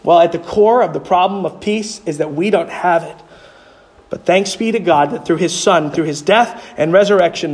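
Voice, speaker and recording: High-voiced man preaching with emphasis. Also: moderate pace. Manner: emphatic preaching, voice climbing high on key points; rhetorical questions answered himself. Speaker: pastor. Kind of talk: sermon.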